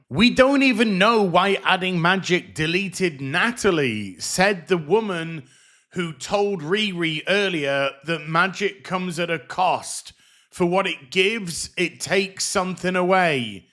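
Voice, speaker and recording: A man tears into a TV episode in a sarcastic, exasperated rant, swearing freely. His voice sits a little high for a man and comes across sharp and forceful. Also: expressive, measured pace. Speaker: TV show reviewer. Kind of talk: ranting commentary review.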